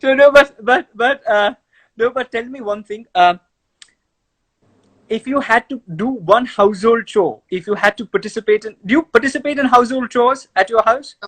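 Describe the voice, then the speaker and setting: A man's voice: extremely high pitch, normal speed, fairly bright tone. A man with an Indian accent hosting a chat show over a video call, effusive and given to repeating his words as he talks. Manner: effusive, repeats words and restarts often, laughs easily. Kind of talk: casual video-call interview.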